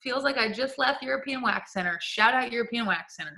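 A woman co-hosting a casual podcast chat, playful and quick to laugh, with easy swearing. Her voice is high and bright with an edge of tension. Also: gravelly. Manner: playful, laughing, frequent profanity. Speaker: podcast co-host.

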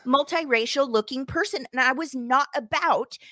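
A woman co-hosting a podcast, telling a story in a lively, indignant way and acting out the dialogue. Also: sits high, moderate pace, no room sound, studio quality. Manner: animated, indignant storyteller who acts out dialogue. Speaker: podcast co-host. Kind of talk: casual chat, storytelling.

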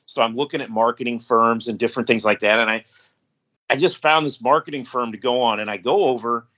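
A man's voice: medium pitch, fairly even intonation, a little fast, sharp tone. A man on a podcast, casually telling a rambling story and laughing as he goes. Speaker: podcast co-host. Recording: dull lo-fi podcast audio.

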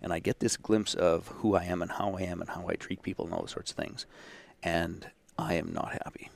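A man in his fifties from Saskatchewan, a podcast guest telling his story in a lively, self-deprecating way. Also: sits low, fast, vocal fry. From Saskatchewan, Canada. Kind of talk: casual storytelling.

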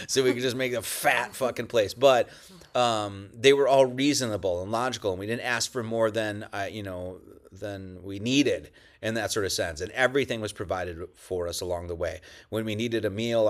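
A man giving a casual, rambling church talk as pastor, joking and swearing, with many restarts. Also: medium pitch. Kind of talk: casual sermon. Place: at home with dogs nearby.

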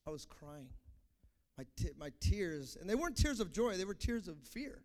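A young man preaching a sermon, swinging from fervent shouted calls to the congregation to quiet, confessional stories. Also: sits high, sing-song, brisk. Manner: impassioned, builds to shouting, then quiet and confessional.

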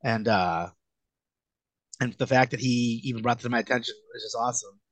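A man in his late thirties telling stories in a relaxed, rambling way as a guest in an interview, full of filler words. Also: medium pitch, brisk, dry recording. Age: late 30s. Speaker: guest wrestler. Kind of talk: casual storytelling in a podcast interview.

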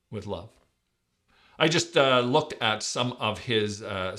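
A man preaching a sermon as pastor, stressing words loudly and then dropping to soft, low asides. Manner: emphatic, swings between loud stresses and soft, low asides.

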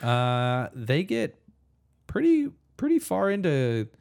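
A man in casual podcast chat about a movie, animated, swearing freely and acting out lines he quotes. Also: a little high, slow pace, gravelly. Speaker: podcast co-host.

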